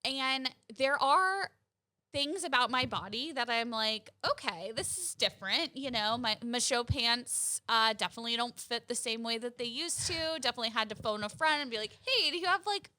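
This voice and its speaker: Young female co-host, gushing and earnest, crisp bright tone, dry room. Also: a little high, moderate pace, no room sound. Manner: earnest, gushing, filler-heavy with "like" and "you know". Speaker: podcast co-host. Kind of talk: casual chat.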